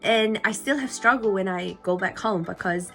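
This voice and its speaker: A young woman from Nagaland with an Indian English accent chats to camera in a lively, joking way, slipping into playful impressions. Her voice sits at an ordinary middle pitch for a woman, with faint music under the talk. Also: normal speed, creaky. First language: Lotha. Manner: animated, jokey, mimics voices and accents. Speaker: vlogger. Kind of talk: casual chat to camera.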